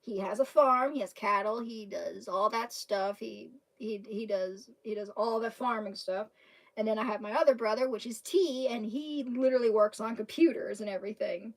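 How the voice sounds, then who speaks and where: A woman from Kentucky with a Southern accent, chatting to her livestream viewers, laughing often as she rambles through a story. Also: fairly high pitch. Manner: laughing often, rambling with restarts and drawn-out words. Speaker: livestream host. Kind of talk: casual storytelling chat to viewers.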